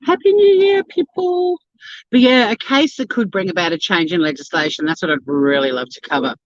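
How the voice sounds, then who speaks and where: A Tasmanian woman livestreams from her car while driving, chatting casually, swearing freely, and answering the live chat. Her low voice moves at a quick pace, and the recording is dry and muffled.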